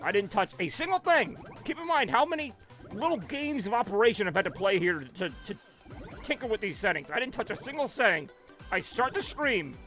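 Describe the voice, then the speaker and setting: High-voiced man, always sounding angry. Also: a little fast, faint music behind. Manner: sounds angry even when he is not; rambling, animated. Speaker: live streamer. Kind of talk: casual live-stream chat. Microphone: headset.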